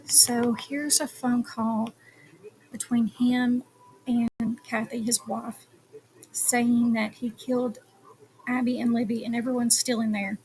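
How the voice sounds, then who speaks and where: A woman's voice: a little high, takes it slowly, a little hiss or hum. A woman commenting on a trial and reading phone call transcripts aloud, with a hesitant manner and many ums. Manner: reads call transcripts in a flat, even tone. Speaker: true crime commentator.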